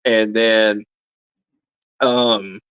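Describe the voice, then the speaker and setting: A man's voice: lowish voice, flat delivery, drawn-out words, clean tone, dry recording, highs cut off. A man, co-host of a live stream, chatting casually at home, rambling with lots of fillers and restarts. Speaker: channel co-host.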